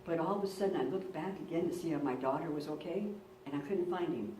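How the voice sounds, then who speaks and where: In a roomy church, recorded from a distance with slight background noise, a woman pastor preaches a sermon in a low, dark-toned voice at a quick pace. She tells personal stories earnestly and repeats words for emphasis.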